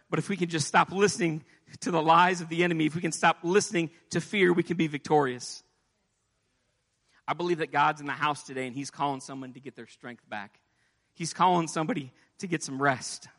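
With a slightly high, fairly bright voice, a man preaches a sermon passionately, rising into pleading as he voices scripture, while a long hall reverb trails his words.

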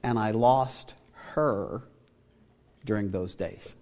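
A man's voice: on the low side, slow pace, a little mellow. Man preaching a sermon in a reverberant hall. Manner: conversational preaching with rhetorical questions. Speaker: pastor. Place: church sanctuary. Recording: long reverb of a church hall.

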